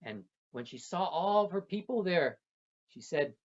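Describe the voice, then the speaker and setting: A storyteller speaking slowly and gently, repeating phrases while telling a traditional tale to children. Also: mid-range voice, lively intonation. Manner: slow, gentle and repetitive, with soft trailing phrases. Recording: dull lo-fi recording.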